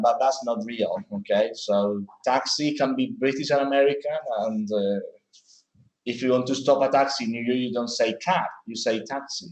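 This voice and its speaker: A man's voice: medium pitch, darkish tone, reverberant, poor audio. A man teaching English grammar in a classroom, correcting sentences patiently with examples. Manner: patient, explains slowly with examples.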